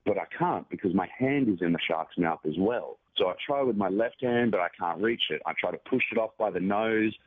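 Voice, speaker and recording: A man calmly recounting a survival story in a measured, matter-of-fact way. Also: on the low side, no echo. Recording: tinny phone-like dry audio.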